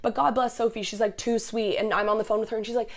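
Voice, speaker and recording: A woman's voice: a little high, quick pace. Heated, swearing woman telling a roommate story. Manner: swears a lot, heated and animated, quotes people as she tells it. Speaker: podcast host. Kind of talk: casual storytelling.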